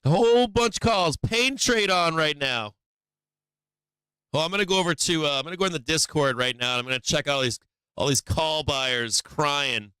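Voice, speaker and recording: A man's voice: on the high side, normal speed, sharp tone, smooth, dry recording, clean studio sound. A man hosting a casual live stream, swearing a lot, taunting and gleeful, sometimes breaking into a sing-song carnival barker call.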